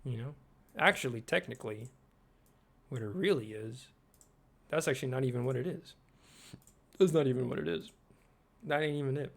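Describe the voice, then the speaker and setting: Rambling male host, casual and chatty, keeps quizzing the listener, swears offhand, mid-pitched. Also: normal speed, creaky, long pauses. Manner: rambling, asks the viewer questions, swears casually. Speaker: video host.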